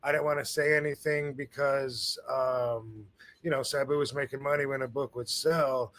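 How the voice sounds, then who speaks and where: A man's voice: medium pitch, fairly even intonation, normal speed, a bit bright. A man hosting a podcast in casual chat, laid-back and slangy, often trailing off mid-sentence. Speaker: podcast host.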